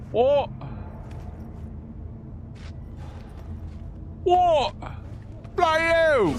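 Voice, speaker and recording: A man's voice: a little high, background noise. A young man streaming a video game, chatting casually with viewers in a slangy, joking way. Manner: joking, slangy, talks to chat while gaming. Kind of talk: casual live-stream chat. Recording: game music behind the voice.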